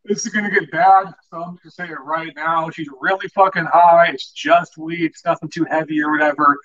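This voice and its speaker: A man's voice: a little high, fairly even intonation, brisk, a bit bright. A young man co-hosting a livestream, telling a crude story with lots of swearing. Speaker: livestream co-host. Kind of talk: casual storytelling. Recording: distant, muffled lo-fi sound.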